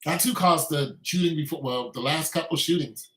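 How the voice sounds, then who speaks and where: Male commentator, emphatic repetitive ranter, bright pushed voice, echoey recording. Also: on the high side, normal speed. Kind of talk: opinionated monologue.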